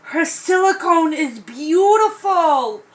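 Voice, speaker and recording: High-voiced woman gushing slowly. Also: a bit bright, rough recording. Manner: gushing, gasping, breathless exclamations. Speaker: vlogger unboxing a doll. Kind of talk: excited unboxing vlog.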